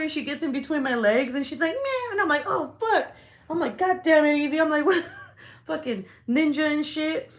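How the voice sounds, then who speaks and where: A young woman chatting on a casual livestream, telling a story in an animated, profane way. Her pitch sits in the middle for a woman. She laughs often and jumps into her own reactions.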